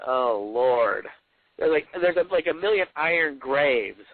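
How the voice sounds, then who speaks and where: A man's voice: medium pitch, animated, unhurried, no room sound. Man guest reading his book out, rambling, folksy, sounds like a phone line, real dry. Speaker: author guest. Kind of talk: casual chat, reading excerpts aloud.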